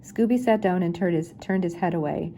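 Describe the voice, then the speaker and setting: An older woman reading a children's chapter book aloud in a gentle, unhurried storytelling manner. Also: on the low side, a little hiss or hum. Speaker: reader.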